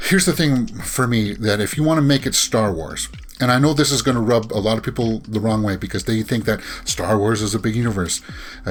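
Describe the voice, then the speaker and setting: A man giving casual commentary as a movie news vlogger, rambling with frequent fillers and restarts and sighing, exasperated asides. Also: fairly low pitch.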